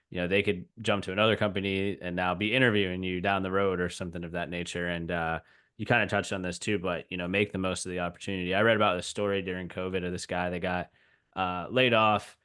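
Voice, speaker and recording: A man's voice: low-pitched, fairly bright tone, smooth. A man hosting a podcast interview, talking casually and agreeably with many fillers. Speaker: podcast host.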